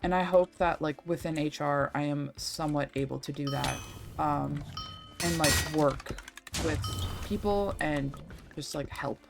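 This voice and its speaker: A woman's voice: low-pitched, a little slow, creaky, music in the background. A young woman streaming a game, rambling and chatty, swearing freely as she talks. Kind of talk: casual livestream chat while gaming.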